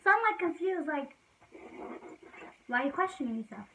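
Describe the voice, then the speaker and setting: A woman's voice: sits high, big pitch swings, normal speed, pushed and bright, far from the mic, a little hiss or hum, poor audio. A young woman casually telling a personal story to the camera, chatty and full of fillers. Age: young adult. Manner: chatty, fillers like "like", frequent laughs.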